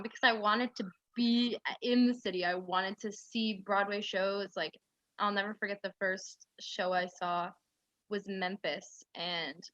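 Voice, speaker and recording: A woman's voice: mid-range voice, bright, forceful tone, no echo, dull audio. A woman in her twenties from central New York, telling a rambling story full of "like" fillers as an interview guest. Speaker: guest, aspiring actress. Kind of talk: casual interview chat.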